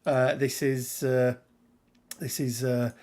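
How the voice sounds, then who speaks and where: A middle-aged Englishman hosts a casual live stream in a mid-range, flat, slow voice with a darkish tone. He's chatty and rambling, reading out viewers' names to greet them.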